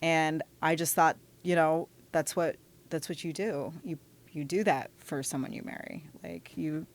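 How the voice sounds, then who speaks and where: A woman, a podcast guest, candidly telling her life story in conversation with animated asides and restarts. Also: low voice, measured pace.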